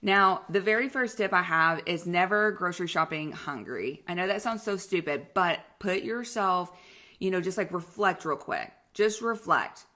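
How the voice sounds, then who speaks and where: A young woman hosting a podcast as a coach, telling stories in a casual, slangy, animated way and laughing often. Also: on the low side, normal speed.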